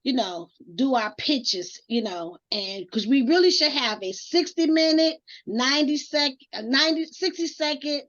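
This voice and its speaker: A high-pitched woman talks in a casual group chat on a dull, lo-fi recording. She sounds earnest, often stops to correct herself, and asks the others for honest feedback. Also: expressive, normal speed, hardly any pauses, a bit bright. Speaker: co-host. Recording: dull lo-fi audio.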